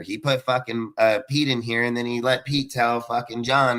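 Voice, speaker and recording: A man's voice: medium pitch, steady tone, a little slow, pushed and bright. A man on a sports podcast panel, ranting heatedly about his football team, swearing constantly and rambling from point to point. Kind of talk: profane sports rant.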